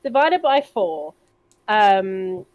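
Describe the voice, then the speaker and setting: A woman's voice: medium pitch, animated, very slow. Easygoing woman on a dull mic. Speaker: podcast co-host. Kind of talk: casual chat.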